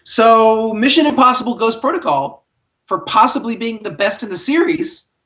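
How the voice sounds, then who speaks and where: A man with a high voice that leaps around in pitch chats casually about films as a podcast co-host. He is animated and jokey, full of wry asides and playful exaggeration. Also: normal speed. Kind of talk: casual movie chat.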